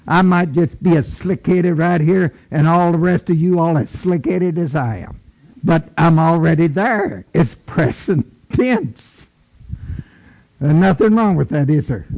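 A man preaching a sermon slowly and emphatically, repeating key phrases and booming when he reads scripture aloud. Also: lively intonation, creaky, a little mellow, muffled recording.

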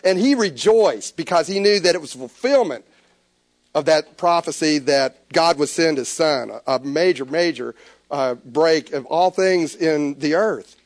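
A man preaching a sermon, animated, with stammered restarts. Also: a little high, dry recording, clean studio sound. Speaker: pastor.

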